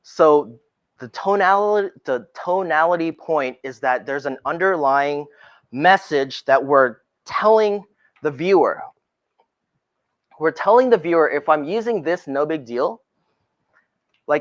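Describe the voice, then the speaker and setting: Animated man demonstrating tones of voice. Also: fairly high pitch, unhurried, pauses often. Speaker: realtor giving a talk. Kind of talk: presentation to colleagues.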